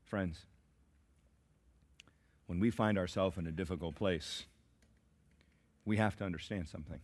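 A man preaching a sermon as pastor, swinging between shouted climaxes and hushed, slow asides. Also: sits low. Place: church sanctuary.

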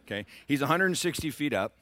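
A man's voice: fairly high pitch, expressive, fast talker, bright, forceful tone, no room sound. A middle-aged man preaching a sermon as pastor, building to emphatic surges and talking directly to the congregation.

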